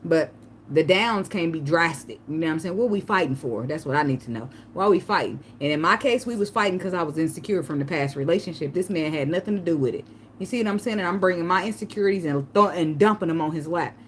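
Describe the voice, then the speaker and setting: A woman tarot reader giving casual spiritual advice, telling a personal story and breaking into a high pleading voice to act out begging. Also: fast talker, a little hiss or hum. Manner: animated storytelling, acts out begging in a high pleading voice, laughs often.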